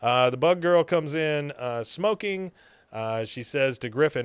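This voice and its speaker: A man's voice: on the high side, animated, measured pace, smooth, dry recording. A man co-hosting a podcast, casually recapping a cartoon episode and acting out lines with laughs. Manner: retells scenes, acting out characters' lines with laughs. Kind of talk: casual chat.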